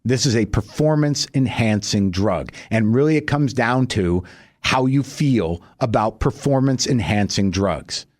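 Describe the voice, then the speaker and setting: A middle-aged man delivering a stand-up monologue, telling a wry story and leaping high and loud for his punchlines. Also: measured pace, dry recording, clean studio sound. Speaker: stand-up comedian.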